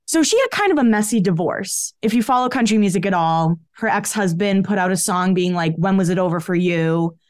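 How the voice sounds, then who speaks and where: A woman's voice: mid-range voice, a little fast, hardly any pauses, a little mellow, no echo, clean studio sound. A woman co-hosting a podcast, chatting and gossiping about pop culture in a casual, chatty way, often saying "like". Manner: chatty, gossipy, frequent "like" fillers. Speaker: podcast co-host.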